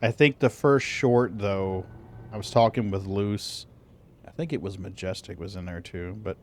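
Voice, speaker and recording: A laid-back male streamer with a low voice chats casually while he plays. He chuckles now and then and mutters to himself as he works. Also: a little hiss or hum. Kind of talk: casual chat while gaming.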